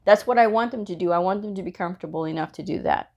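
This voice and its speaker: A woman's voice: lowish voice, fast, vocal fry, a little mellow, lo-fi sound. Chatty woman teaching, laughing easily. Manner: chatty, laughs often, retells dialogue. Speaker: medical coding educator. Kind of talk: casual instructional talk.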